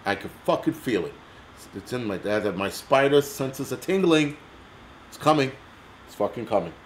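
A man's voice: mid-range voice, lively intonation, normal speed, a little hiss or hum. An American man hosting a livestream, ranting angrily in a blunt, profane, heated way. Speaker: livestream host.

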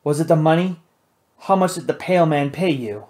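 A man voicing a tough pilot hero in an audiobook, blunt and wry, his tone a touch higher than his narration. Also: fairly quick, a little mellow, close to an everyday voice. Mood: probing. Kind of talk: audiobook character voice.

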